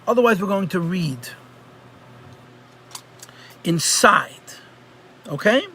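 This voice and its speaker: Rabbi guy giving an online class, pretty high voice, faint hiss behind. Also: expressive, slow pace, bright, forceful tone. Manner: conversational, repeats phrases for emphasis. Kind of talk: live online Chassidus lesson. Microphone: computer mic on a video call.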